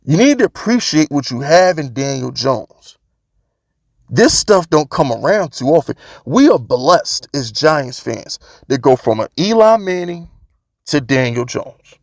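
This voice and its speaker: A man delivers a casual, preachy sports-fan rant, circling back to his points again and again. His voice sits a little high with a gravelly fry to it, and the sound is dry and close with no room around it. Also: very animated, a little slow, dry recording. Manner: emphatic, preachy, repeats points for emphasis.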